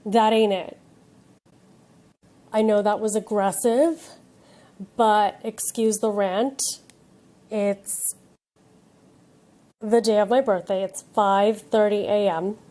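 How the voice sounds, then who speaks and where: A woman in her late thirties hosts her own podcast, ranting casually and swearing freely in a loose chat. Her mid-range voice is dark-toned with fairly even intonation, and she speaks slowly, leaving long pauses.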